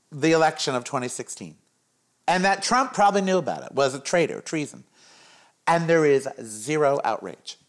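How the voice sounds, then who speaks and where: A middle-aged man hosting his own show, delivering a sarcastic, campy opinion rant in casual talk. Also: a little high. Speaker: host.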